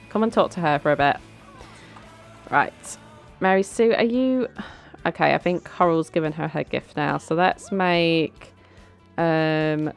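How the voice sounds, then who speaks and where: A young woman chatting through a life-sim game, bossing her characters around and giggling. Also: low voice. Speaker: let's play host. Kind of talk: casual gameplay commentary. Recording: faint background music.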